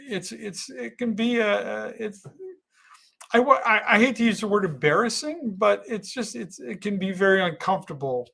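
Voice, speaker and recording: A man hosting a casual livestream, reading viewer comments aloud and talking in an earnest, halting way with frequent restarts. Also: high voice, creaky, fairly bright tone. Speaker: livestream host.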